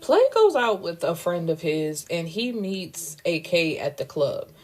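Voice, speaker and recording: A woman's voice: fairly low pitch, animated, measured pace, a little mellow, faint music behind. A woman recapping a novel in a casual, candid way, swearing freely and tossing in wry asides. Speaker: book reviewer recapping a novel. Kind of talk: casual spoken book recap.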